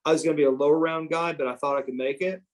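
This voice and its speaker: A man's voice: a little high, steady tone, rapid-fire, low-quality recording. A middle-aged American man, a former pro wrestler, telling stories animatedly in a podcast interview and swearing freely as he acts out quotes. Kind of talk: shoot interview storytelling.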